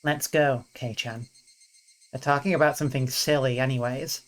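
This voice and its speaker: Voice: mid-range voice, fairly even intonation, moderate pace, natural voice. A reader voicing pushy cheerful teen girl Mion. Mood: coaxing.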